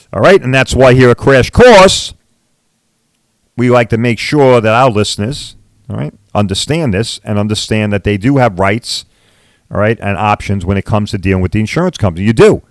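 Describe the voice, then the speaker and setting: A man's voice: lowish voice, no echo. A middle-aged man, a body shop owner hosting a podcast, talking bluntly and repeating "all right" and "right?" as he rants. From Long Island, New York. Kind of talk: casual podcast rant.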